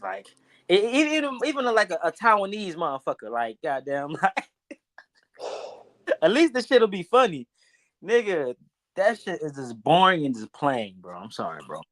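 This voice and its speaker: Man, casual banter, laughing, profane, slightly high voice. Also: normal speed, long pauses. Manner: laughing, profane, animated storytelling with quoted voices.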